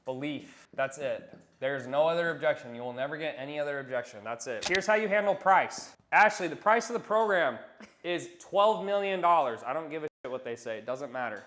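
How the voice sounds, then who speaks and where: A man's voice: fairly high pitch, lively intonation, a little fast, a bit bright. A young adult man coaching sales technique in a blunt, casual way, swearing and acting out sales calls.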